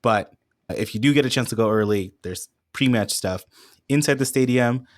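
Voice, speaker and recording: A man co-hosting a casual podcast, relaxed and chuckling as he runs through event details. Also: mid-range voice, moderate pace, dry recording, studio quality. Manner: laid-back, chuckling, reads event details. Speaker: podcast co-host. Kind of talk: casual chat.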